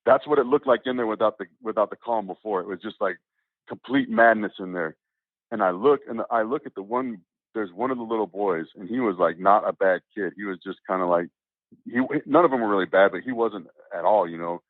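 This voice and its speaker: Male guest, casual storyteller, animated and rambling; tinny dry phone-quality audio. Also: on the low side, brisk, no echo. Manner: rambling, animated, many restarts and quoted voices. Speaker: interview guest.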